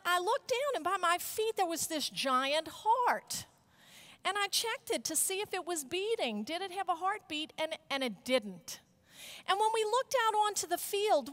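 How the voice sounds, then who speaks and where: High-voiced animated woman keynote speaker. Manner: animated storyteller, leads call-and-response chants. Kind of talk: audience-participation keynote. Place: conference hall stage.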